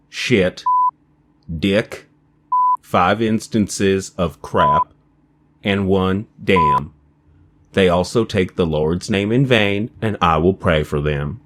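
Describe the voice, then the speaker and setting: A man plays a prudish, deadpan movie critic on local TV. His voice is very low, and he lists shocking content in a prim, flat manner over faint music. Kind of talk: deadpan comedic movie review.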